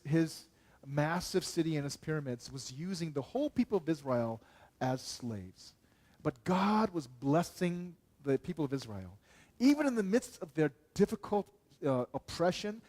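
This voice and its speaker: A pastor preaching in a church, his male voice sitting a bit higher than most men's. He talks to the congregation conversationally, throwing out questions and checking in with a quick "okay" before moving on. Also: darkish tone. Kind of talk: sermon.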